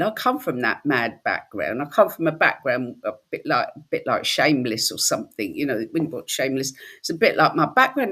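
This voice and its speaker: Woman host, husky voice, very lively pitch, chatty storyteller. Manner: animated storytelling, slips into quoted voices. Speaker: spiritual workshop host. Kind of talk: casual chat.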